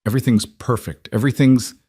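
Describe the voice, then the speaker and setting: A man's voice: medium pitch, steady tone, quick pace, warm tone, slightly rough, dry recording, clean studio sound, close to an everyday voice. A man voicing an emotional single father in a narrated story, earnest and pleading.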